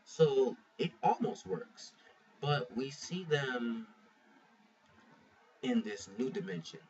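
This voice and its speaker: Speaking slowly, the man has a mid-range, slightly mellow voice with lively intonation. His casual take on a manga chapter wanders, he swears without holding back, and he keeps restarting sentences. A muffled lo-fi mic records him from afar, with faint hiss.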